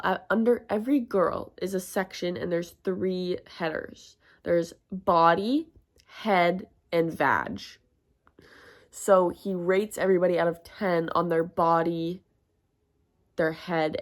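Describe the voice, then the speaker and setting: A woman's voice: lowish voice, slow pace. A young woman telling stories in a casual, crude and self-mocking way, full of fillers. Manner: chatty, crude and self-mocking, heavy use of "like". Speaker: vlogger. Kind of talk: casual storytime.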